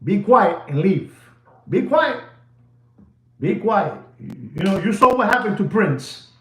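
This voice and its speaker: A man with a high, sing-song voice speaks slowly as he hosts a watch channel. He rambles and lectures in a video monologue, repeating himself for emphasis, and the room is echoey.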